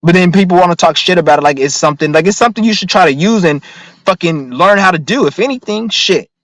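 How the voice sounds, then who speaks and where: A man's voice: high voice, a bit bright, dry recording, rough recording. A man ranting to his viewers in a profane, rambling, emphatic monologue, reading out their comments now and then. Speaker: vlogger.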